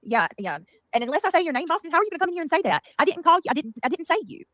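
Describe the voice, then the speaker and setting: A woman's voice: sits high, very animated, very fast, a bit bright, no echo. A woman ranting angrily in a heated group voice chat, swearing and calling people out. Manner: angry, profane, ranting.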